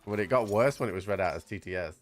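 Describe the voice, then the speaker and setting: A British man chatting casually while streaming a game, chatty and quick to laugh. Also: fairly low pitch, faint music behind. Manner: chatty, laughing, restarts often. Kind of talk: casual livestream chat.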